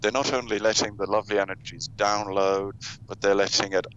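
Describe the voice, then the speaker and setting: A man guiding listeners through a meditation, gently coaxing and asking them what they feel. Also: on the low side, flat delivery, a little fast, clear, resonant tone. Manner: gentle, coaxing, asks questions. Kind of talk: guided meditation talk. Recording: dull, lo-fi sound with faint noise.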